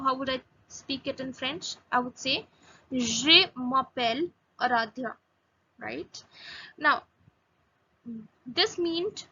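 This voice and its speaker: High, bright-voiced young woman teaching. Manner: halting, many fillers and restarts, slows to spell out phrases. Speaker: language teacher. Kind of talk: casual video lesson. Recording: slightly dull lo-fi audio with faint noise.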